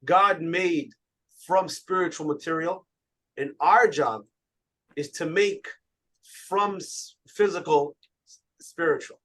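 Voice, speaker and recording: A man, a rabbi, giving an animated sermon with stories, often repeating words as he goes. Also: on the high side, slow pace, long pauses.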